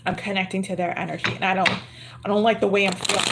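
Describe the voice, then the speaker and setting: A woman's voice: medium pitch, fairly even intonation, fast, loud music behind the voice. A woman giving a livestream tarot reading, chatty and murmuring to herself as she repeats her phrases. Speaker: tarot reader. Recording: card shuffling clearly audible.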